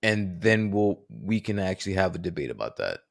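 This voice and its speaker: Animated, provocative man in casual chat. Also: low voice, a little fast, vocal fry. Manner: animated, provocative, swears a lot. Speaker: podcast co-host.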